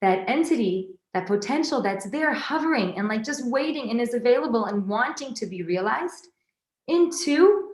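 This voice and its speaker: A woman giving an informal Torah class, lively and conversational, often restarting her sentences and adding asides to her listeners. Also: a little high, moderate pace. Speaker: Torah teacher. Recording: roomy echoey recording.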